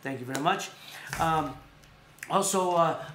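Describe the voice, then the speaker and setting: A man's voice: on the high side, measured pace, a bit bright, slight background noise. Rambling chatty male show host. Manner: rambling, repeats himself, plugs sponsors. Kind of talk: casual chat show. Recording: echoey room.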